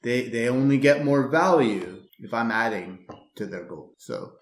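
A man's voice: mid-range voice, unhurried. Laid-back man in an echoey room. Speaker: podcast co-host. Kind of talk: casual conversational dialogue. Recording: roomy sound with faint music behind.

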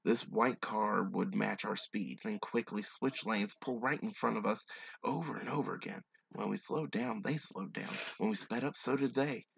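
Gravelly, wisecracking male podcast host. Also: on the low side, moderate pace, a bit bright, no echo. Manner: sarcastic, wisecracking asides. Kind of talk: reading stories aloud with joking commentary.

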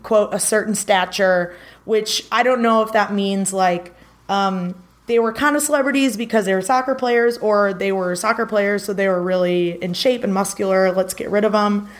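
Woman, podcast co-host, casual storytelling, rambling delivery, mid pitch. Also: moderate pace. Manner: rambling, lots of filler words.

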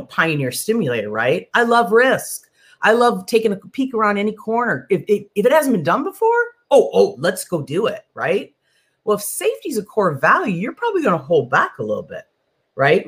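Animated husky-voiced woman coach. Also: low voice. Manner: animated, acts out quoted voices. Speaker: leadership coach. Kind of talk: conversational podcast interview.

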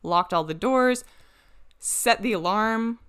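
A woman's voice: medium pitch, slow, fairly bright tone, clean tone. A young woman in casual podcast chat, telling a long story animatedly, swearing freely and acting out the people she quotes.

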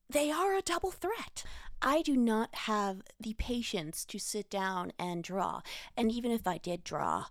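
Woman podcast host, playful self-mocking delivery, gravelly voice. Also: medium pitch, no room sound, studio quality. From United States. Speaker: podcast host reviewing books. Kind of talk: casual solo podcast chat.

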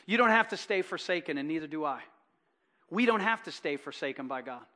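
A man preaching a sermon as pastor, impassioned, swinging from loud urgency to hushed, fervent preaching with rhetorical questions. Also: fairly high pitch, animated, brisk.

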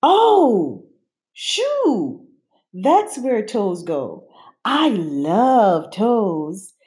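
A woman's voice: mid-range voice, big pitch swings, very slow, a little mellow. A woman voicing a tiny, cheerful girl monster with a sweet, giggly way of talking in a storybook reading. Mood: delighted.

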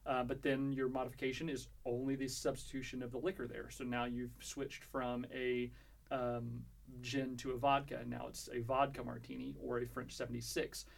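A man's voice: mid-range voice, little pitch movement, normal speed, vocal fry. A man co-hosting a casual podcast, explaining cocktail recipes step by step with lots of fillers and restarts. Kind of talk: casual chat.

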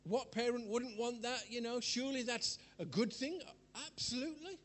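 A man's voice: extremely high pitch, moderate pace. An older man preaching a sermon in a chatty, rambling way, laughing at himself as he tells personal stories.

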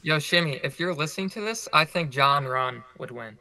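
A man's voice: a little high, normal speed, pushed and bright, no echo. A young man co-hosting a running podcast, chatting casually and filling his talk with "like". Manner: filler-heavy, lots of "like". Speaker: podcast co-host. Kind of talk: casual chat.

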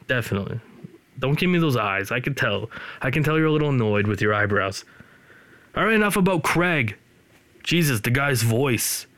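A male podcast host in his studio, chatting casually, rambling, and joking at his co-host's expense. His voice sits at an ordinary middle pitch, and the sound is dry and close with no room echo. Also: expressive, normal speed, fairly bright tone. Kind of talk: casual chat.

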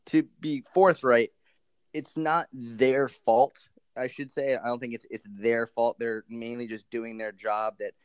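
A man speaking as a podcast guest on nutrition, animated and rambling with many restarts. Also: mid-range voice, clean tone, no echo. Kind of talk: casual interview chat.

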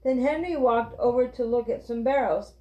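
A woman's voice: on the high side, normal speed. Woman reading a children's book aloud. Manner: clear, steady storytelling. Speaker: reader. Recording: roomy, dull lo-fi.

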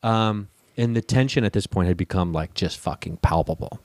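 A man telling a long personal story in casual talk, lively and profane, acting out the people in it. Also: low-pitched, normal speed, no room sound. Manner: animated, swears freely, acts out the people in his story.

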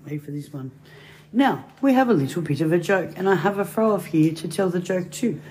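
A woman's voice: on the low side, expressive, fairly quick, a little mellow, a little hiss or hum. A woman rambling casually and telling jokes as a chatty storyteller.

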